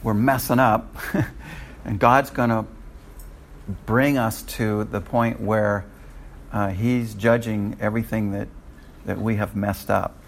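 A man's voice: fairly low pitch, little pitch movement, slow pace, gravelly, long pauses, a little hiss or hum. An older man teaching a Bible study in a conversational way, often restarting his sentences.

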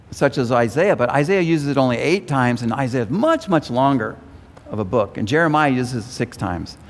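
A man preaching an expository sermon, animated and pausing, often repeating words as he thinks. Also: medium pitch. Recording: long reverb of a large hall.

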